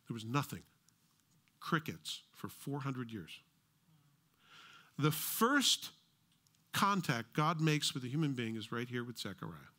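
A man's voice: medium pitch, bright, forceful tone. A middle-aged American man preaching a sermon as pastor, conversational with joking asides.

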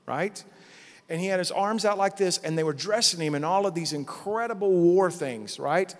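A middle-aged man preaching at a conference, telling a vision story with lively acted-out quotes. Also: high voice, normal speed. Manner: animated storytelling, acting out quotes. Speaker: pastor. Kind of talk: conference sermon testimony. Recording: long hall reverb.

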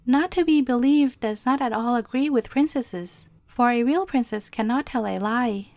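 A woman storyteller reading a bedtime fairy tale in a gentle, measured way. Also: a little high, no room sound.

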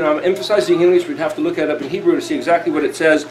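A man's voice: a little high, fast talker, a little mellow. A man teaching scripture, reading verses aloud and then explaining them in a conversational way. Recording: roomy with faint background noise.

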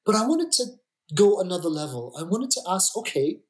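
A male geneticist guest on a podcast, explaining with emphatic, deliberate stresses and repeated words. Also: sits high, very animated, a little mellow. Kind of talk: podcast interview.

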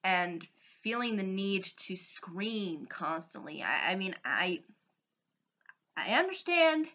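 Bright-voiced woman vlogger, rambling. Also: medium pitch, sing-song, slow. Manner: earnest, rambling complaint with many restarts. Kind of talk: casual opinion vlog.

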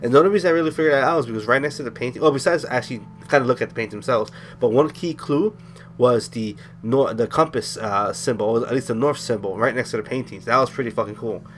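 A man's voice: medium pitch, fast talker, a little hiss or hum. A man giving let's play commentary, talking in a loose, rambling and profane way. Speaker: gaming commentator.

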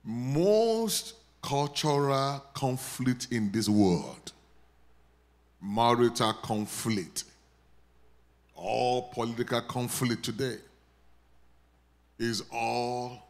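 A man with a Nigerian accent preaching a sermon, leading his congregation in call and response and rising to loud prayer declarations. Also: mid-range voice, extremely slow, long pauses. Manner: builds to loud declarations when praying over the congregation. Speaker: pastor.

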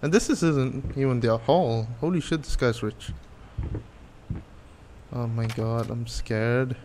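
A man's voice: medium pitch, slow, darkish tone, slight background noise. A man giving casual let's-play commentary on a horror game, nervous, jokey and profane, rambling as he goes. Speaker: gameplay channel host.

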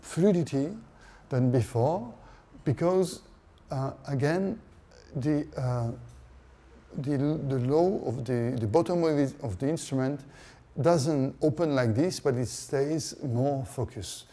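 A male clarinetist giving halting feedback on an instrument, restarting phrases. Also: mid-range voice, mellow. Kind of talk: halting product demonstration talk.

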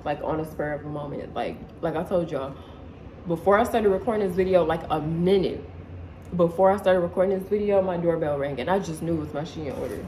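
Young woman, casual vlog chat, excitable, slangy, living room, faint background noise. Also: sits low, a little fast, low-quality recording. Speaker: vlogger. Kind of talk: casual haul video chat.

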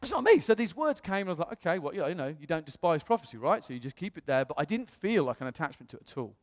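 A man from the United Kingdom preaching in a church, telling his story in a chatty, animated way with self-quotes. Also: a little high, rapid-fire. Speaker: pastor. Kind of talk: storytelling sermon. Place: church hall. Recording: long church-hall reverb.

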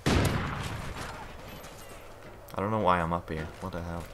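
A man's voice: sits low, fairly even intonation, unhurried. A man doing live gameplay commentary, frustrated and swearing as he plays. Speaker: gamer. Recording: game noise clearly behind.

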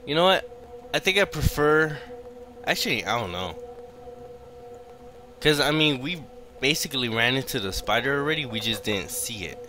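A man's voice: medium pitch, expressive, normal speed, long pauses, bright, forceful tone, a little hiss or hum. A man hosting a gaming channel, giving horror game commentary full of swearing and panicky outbursts. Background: game music.

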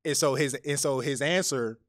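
During casual podcast chat, a male co-host tells a story with lots of animation and frequent restarts. His mid-range voice moves at normal speed, and the studio-quality recording is free of echo.

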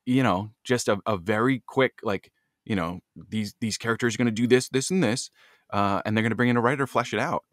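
A man hosting a casual podcast, stuffed up with a cold, chatty and quick to laugh as he hunts for words. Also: medium pitch, fairly bright tone, dry recording, clean studio sound. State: stuffed up, congested. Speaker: podcast host.

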